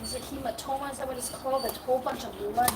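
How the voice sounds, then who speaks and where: A woman's voice: high-pitched, steady tone, quick pace, recorded from a distance. A woman dog groomer chatting casually with viewers on a livestream while she works, now and then cooing at the dogs. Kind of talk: casual live-stream chat while working. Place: grooming room. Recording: roomy, from off-mic, with noise.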